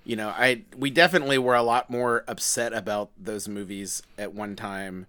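A man's voice: fairly low pitch, fairly even intonation, moderate pace, sharp tone. A man co-hosting a casual film podcast, chatty and playful, often restarting his sentences. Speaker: podcast co-host. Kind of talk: casual chat.

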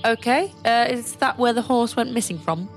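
A woman playing in a tabletop game in a brisk, cheeky way. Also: fairly high pitch, soft background music. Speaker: player. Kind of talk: casual tabletop play.

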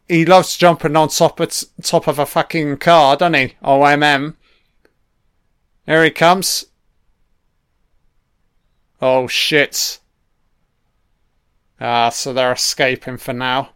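A man's voice: on the high side, fairly even intonation, slow pace, long pauses, fairly bright tone, smooth, no echo, clean studio sound. A man giving a casual, blunt film commentary, swearing constantly and full of opinions.

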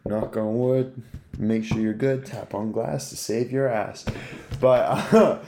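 A man's voice: medium pitch, steady tone, takes it slowly, background noise. A young man hosting a casual podcast chat, laid-back and swearing freely, calling his guest bro. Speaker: podcast host.

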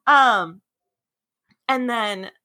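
A woman co-hosting a podcast, chatting casually about a movie, animated and laughing often. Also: a little high, drawn-out words, no room sound, clean studio sound. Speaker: podcast co-host. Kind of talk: casual chat recapping a movie.

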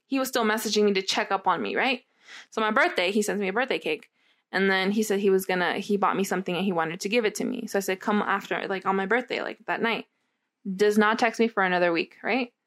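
Her voice is mid-range and a bit bright as this young woman rambles through a candid personal story in casual conversation. She swears and relies heavily on "like."

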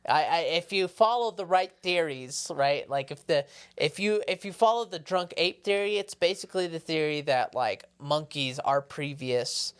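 A woman's voice: low-pitched, normal speed, few pauses, smooth. A woman hosting a podcast, chatting casually and telling rambling, crude stories with little put-on voices. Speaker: podcast host. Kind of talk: casual chat. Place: podcast studio.

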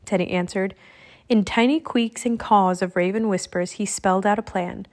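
A woman reading a children's adventure book aloud in a steady storytelling manner. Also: mid-range voice, normal speed. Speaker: audiobook reader.

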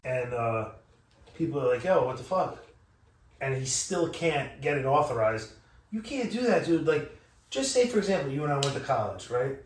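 A man in casual podcast chat, telling stories in an animated, profane way. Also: medium pitch, moderate pace, a little hiss or hum. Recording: echoey room, mic at a distance.

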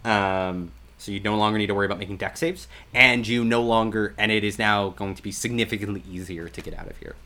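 A man's voice: lowish voice, fairly even intonation, fast talker, hardly any pauses, pushed and bright. A man narrating a tabletop game as game master, casual and rambling with many fillers.

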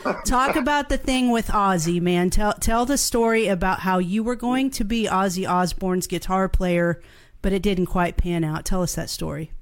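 A woman's voice: mid-range voice, normal speed. A woman hosting a live stream interview, chatty and encouraging as she prompts her guest's story. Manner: chatty and encouraging, laughs easily. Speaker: host.

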